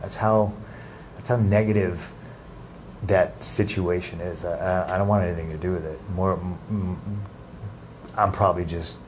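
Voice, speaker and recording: A man giving an interview in a casual, halting way, with many restarts and fillers. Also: sits low, steady tone, a little mellow, a little hiss or hum. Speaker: interview guest.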